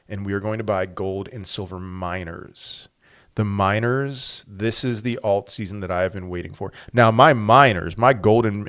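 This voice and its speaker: A lowish-voiced man runs a crypto channel, offering lively, chatty takes on the market that lean heavily on rhetorical questions.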